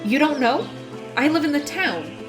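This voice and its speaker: Woman doing a scornful old witch lady, brash and loud, kinda high voice, music going under it. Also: very animated, normal speed. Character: bitter older wise woman, sharp-tongued witch. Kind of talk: voiced game reading.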